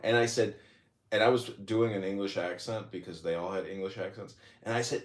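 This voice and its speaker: A man's voice: lowish voice, fairly even intonation, brisk. Rambling, boastful male podcast host. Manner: rambling, boastful, laughs at own jokes. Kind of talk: casual chat, storytelling. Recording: roomy echoey audio.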